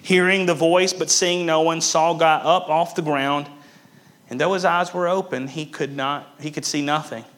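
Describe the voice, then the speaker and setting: A man preaching a sermon, swinging between loud emphatic bursts and hushed, quiet passages, repeating key phrases for emphasis. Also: a little high, fairly even intonation, moderate pace. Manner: emphatic repetition. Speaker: pastor.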